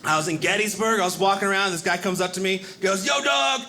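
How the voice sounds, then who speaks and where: A man doing a stand-up comedy set on stage, animated and acting out other people in quick voices. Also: high-pitched. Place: stage before a live audience. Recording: live club recording with audience noise. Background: audience laughter.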